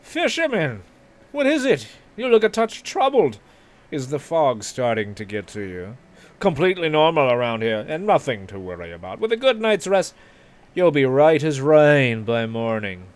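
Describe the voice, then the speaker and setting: A man's voice: mid-range voice, sing-song, moderate pace, voice pushed up, lightly acted. A man voicing a fussy, falsely reassuring villager woman in a sing-song manner, reading a video game's dialogue aloud. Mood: falsely soothing.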